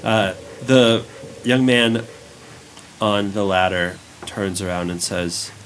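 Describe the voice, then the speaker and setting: A man narrating as game master of a tabletop role-play, in a slow and halting way. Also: fairly low pitch, little pitch movement, fairly bright tone, slight background noise, poor audio.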